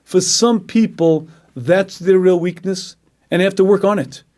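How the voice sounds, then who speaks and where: A man, a rabbi teaching a Torah class, who speaks earnestly, repeats key phrases for emphasis and keeps clearing his throat. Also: high-pitched, moderate pace, a little mellow.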